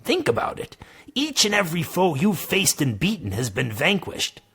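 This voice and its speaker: A man's voice: on the high side, huge pitch swings, normal speed, fairly bright tone, husky, pitched above the performer's own voice, full character voice. A man voicing Granlo, a wise old male spirit guide who speaks in lofty, solemn phrases. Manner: solemn, lofty speech that slips into slang.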